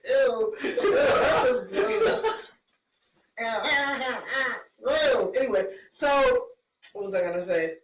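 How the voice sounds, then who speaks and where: A woman co-hosts a casual chat-show podcast, speaking bluntly with plenty of fillers and laughter. Her voice is on the high side with big pitch swings and a slow pace, recorded from far off in an echoey room with faint noise.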